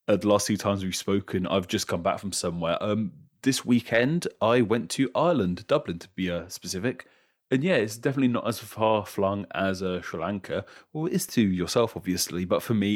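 English guy co-hosting a history podcast, kinda low voice, chatty and laughing a lot. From England. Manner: chatty, laughs often, animated storytelling. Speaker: podcast co-host. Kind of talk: casual podcast chat. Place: London.

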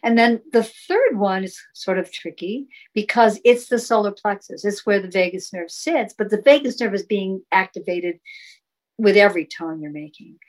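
During a laid-back interview, a woman guest with a medium-pitched voice walks through sound healing in an encouraging, flowing way and performs chanted tones. It's a low-quality recording.

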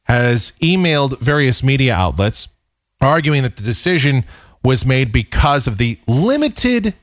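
A man's voice: medium pitch, no echo, clean studio sound. A man in his forties hosting a talk show, giving an exasperated, sarcastic opinion commentary with a rambling delivery.

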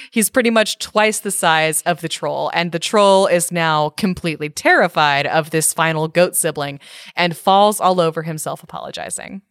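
A woman's voice: on the low side, a bit bright, no room sound, studio quality. A woman co-hosting a casual chat, reading a storybook parody aloud with wry amusement and frequent laughter. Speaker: podcast co-host reading a story.

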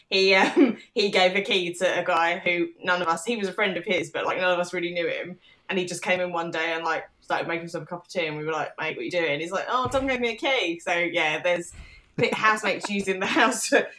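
A woman's voice: on the low side, fairly bright tone. A British woman on a podcast as a guest, chatting casually and laughing easily. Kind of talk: casual chat.

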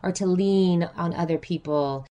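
A woman's voice: on the low side, unhurried. A woman speaking as a counselor guest in an interview, talking reflectively and acting out her clients' voices. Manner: animated, acts out clients' voices.

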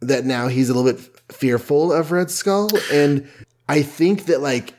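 A man co-hosting a podcast, explaining things in a measured, casual way with "um" pauses. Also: fairly high pitch, a little mellow. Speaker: podcast co-host. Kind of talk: casual chat about comics.

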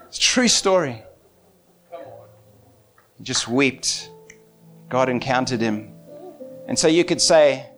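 A man's voice: a little high, normal speed, faint music behind. A male pastor preaching a sermon, telling stories with lots of laughter and acted-out quotes. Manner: animated storytelling, laughs often, acts out quotes.

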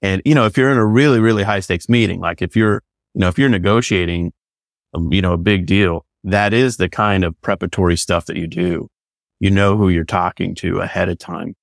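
A man's voice: low-pitched, steady tone, fairly quick, vocal fry, no room sound, studio quality. A man who works as a business consultant and coach, talking enthusiastically in a loose, rambling way full of fillers. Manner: enthusiastic, rambling, many fillers like "you know". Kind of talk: casual podcast conversation.

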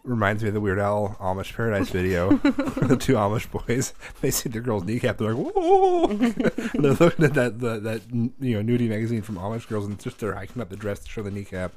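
A man in his thirties telling a story in a casual chat, animated and profane, acting out the voices of the people in it. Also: lowish voice, quick pace, hardly any pauses.

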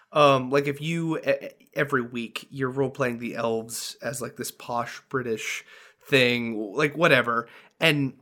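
A young man co-hosting a casual podcast chat, animated and laughing as he drops into silly character voices. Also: medium pitch. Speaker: podcast co-host, dungeon master.

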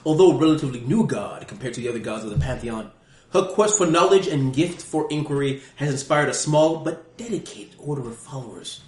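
In a lightly acted, expressive performance, a dungeon master with a darkish, mid-range voice talks fairly quickly in a fake British accent, voicing a haughty scholar who reads a fantasy guidebook aloud. He is grandiose, theatrical and mock-grand. An echoey room and one USB mic in the middle of the table shape the recording.

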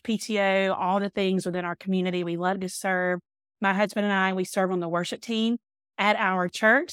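A woman in her thirties with a Southern accent, talking openly and chattily as a podcast guest. Her voice is smooth and clear, and it sounds close and dry. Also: mid-range voice, no room sound. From Alabama, US. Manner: open, chatty, warm storytelling. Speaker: podcast guest, speaker and author. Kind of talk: casual chat.

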